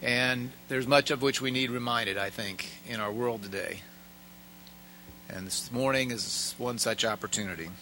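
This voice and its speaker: A man giving a formal speech at a prayer breakfast, speaking in a measured and emphatic way with pauses. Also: mid-range voice, sharp tone, a little hiss or hum, poor audio. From United States.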